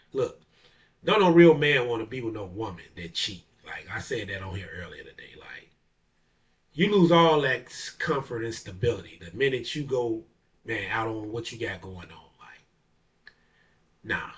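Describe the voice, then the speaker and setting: A barber talks straight to camera in a loose, profane monologue, laughing often and leaning on stock phrases. His voice is bright and forceful, picked up from a little distance from the mic. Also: mid-range voice, lively intonation, moderate pace. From Chicago area. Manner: blunt, profane, laughs often, repeats "you know what I'm saying". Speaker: barber and DJ hosting a talk video. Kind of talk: casual monologue.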